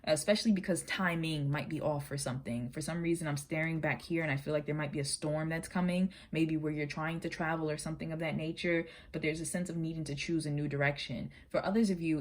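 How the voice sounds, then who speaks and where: A woman with a fairly low voice talks through a tarot reading in a relaxed, chatty way. She is earnest and direct with the listener, and at times her words tumble out quickly. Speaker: tarot reader. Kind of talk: casual spoken tarot reading.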